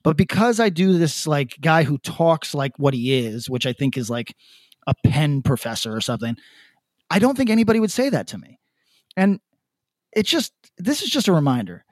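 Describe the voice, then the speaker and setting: A man co-hosting a podcast, animated and profane, laughing often in casual chat. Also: fairly high pitch, normal speed, dry recording, clean studio sound. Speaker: podcast co-host.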